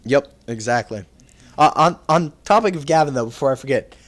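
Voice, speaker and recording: Young guy rambling thru a story on a voice call, swears a lot, mid pitch. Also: animated, a little fast. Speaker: podcast host. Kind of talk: casual chat.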